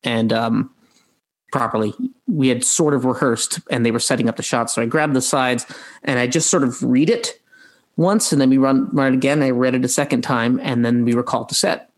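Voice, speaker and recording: A man, an actor, answering interview questions casually, halting with many fillers and restarts. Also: mid-range voice, rough recording.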